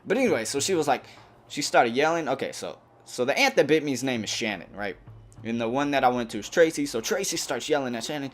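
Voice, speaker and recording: A young man hosting a gaming channel, telling a rambling, animated story over gameplay with plenty of fillers. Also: mid-range voice, a little fast.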